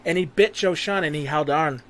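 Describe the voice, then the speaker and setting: A man's voice: a little high, fairly quick, a bit bright. A man hosting a casual podcast, telling a crude, rambling, profanity-heavy story. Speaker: podcast host.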